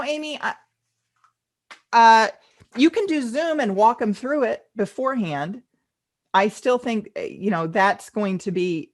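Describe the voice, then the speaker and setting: A middle-aged woman teaching a live online class, reading out attendee questions and answering them in a chatty, enthusiastic way. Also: fairly low pitch. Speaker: fundraising event consultant teaching a class.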